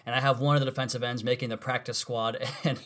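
A man's voice: medium pitch, little pitch movement, quick pace, a bit bright. A man hosting a casual football podcast, asking long multi-part questions with self-deprecating asides. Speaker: podcast host. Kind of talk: casual sports podcast interview.

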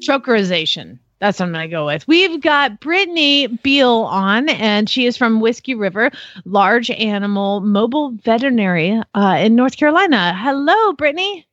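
A woman co-hosting a casual chat show, telling stories in an animated way and laughing often. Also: a little high, no echo, muffled recording. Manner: animated storytelling with quick laughs. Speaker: podcast co-host.

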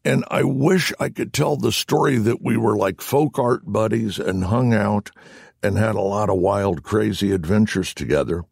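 A lower-pitched man with a gravelly, husky voice swings widely up and down as he spins his anecdotes. He laughs at his own stories in a self-deprecating way, and the sound is close and dry. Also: moderate pace, a little mellow, no echo. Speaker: interview guest, voice actor. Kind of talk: anecdotal storytelling in conversation.

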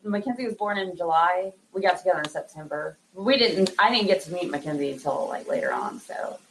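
A woman in her thirties speaks in a somewhat low voice, rambling easily through her answers with plenty of fillers and laughter. A faint background hum sits under her speech. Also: very animated, brisk, poor audio. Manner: laughs often, chatty with many fillers. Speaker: interviewee. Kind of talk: casual conversation.

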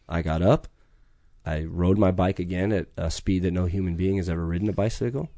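A man's voice: low voice, a little mellow, no echo, clean studio sound. A middle-aged man, telling a story in conversation with intense, profane urgency. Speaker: podcast guest.

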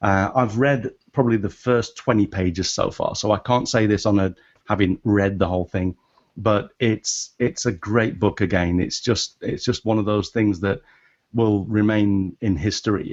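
A man speaking as a podcast guest in casual discussion, animated and halting, with a non-American English accent and many restarts. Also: fairly low pitch, lo-fi sound.

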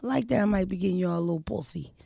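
A young adult woman hosting a podcast, telling her story in a casual chat. She speaks in a brash, profane, animated way. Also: fairly low pitch, racing, vocal fry, breathy edge, dry recording, clean studio sound. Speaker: podcast host.

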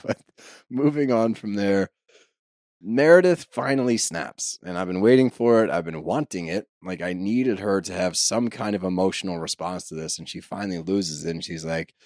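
A man's voice: sits low, normal speed, darkish tone, no echo, clean studio sound. A man co-hosting a podcast, recapping a reality show in casual, playful chat. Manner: playful, jokey, quotes people in put-on voices. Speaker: podcast co-host.

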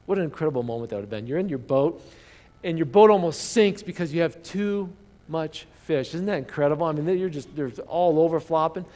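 A man preaching a sermon as pastor, telling the story with animated emphasis, dropping to hushed asides and asking the congregation rhetorical questions. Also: on the high side, a little fast, in a large hall.

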